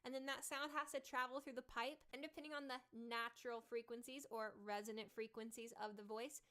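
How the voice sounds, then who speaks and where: A woman's voice: fairly high pitch, steady tone, a little fast, a bit bright. A woman voice coach giving an instructional tutorial, explaining step by step and checking in with the listener.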